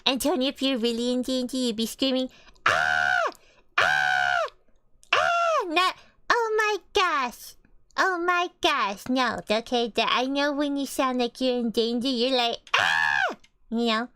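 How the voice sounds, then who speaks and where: A woman's voice: high voice, animated, normal speed, a bit bright, smooth, no echo, studio quality. A young woman joining a stream, chatting casually in a teasing, playful way. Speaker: streamer's housemate guest. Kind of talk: casual chat.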